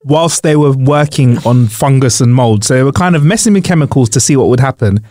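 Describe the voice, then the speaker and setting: A man's voice: medium pitch, brisk, a little mellow, no echo, studio quality. A man co-hosting a casual podcast, rambling with many fillers and hesitations. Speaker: podcast co-host.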